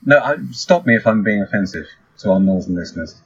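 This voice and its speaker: Wry fast-talking man on a lo-fi line. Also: lowish voice, expressive, slightly rough. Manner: wry, quick with jokes and tag questions. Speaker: podcast panelist. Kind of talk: casual podcast chat.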